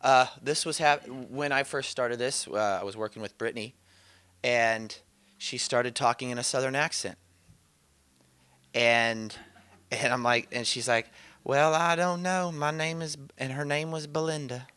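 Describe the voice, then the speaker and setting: A man with a bright, forward voice teaches about inner healing in a relaxed, conversational way. He tells animated stories, quotes other people, and laughs often as he goes. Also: mid-range voice, measured pace, smooth.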